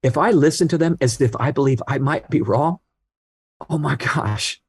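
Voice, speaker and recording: A man in his sixties talks earnestly, spinning anecdotes and acting out the people in them. His voice sits in a middle pitch, recorded close with a dry sound. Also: a little fast, darkish tone, slightly rough, no echo. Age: 60s. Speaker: guest author. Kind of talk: storytelling interview talk.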